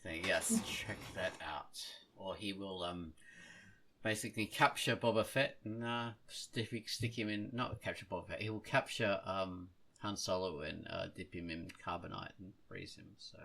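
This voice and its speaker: A man's voice: sits low, fairly even intonation, normal speed, vocal fry, sharp tone. A man hosting a casual podcast, rambling, correcting himself and laughing at his own slips. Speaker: podcast host.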